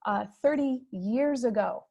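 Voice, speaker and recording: A woman moderating a fireside chat over a video call, explaining terms in a measured, teacherly way. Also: a little high, vocal fry, dark tone.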